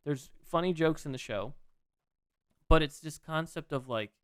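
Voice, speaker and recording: A man chatting casually on a podcast, rambling excitedly and swearing freely as he retells what he watched. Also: fairly high pitch, measured pace, smooth, no room sound. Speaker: podcast co-host. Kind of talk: casual chat.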